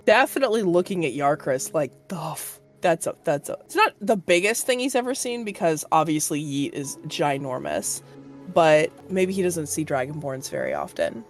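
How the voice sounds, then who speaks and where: A woman's voice: sits low, big pitch swings, normal speed, soft background music. A woman narrating a tabletop game as game master, chatty and full of fillers.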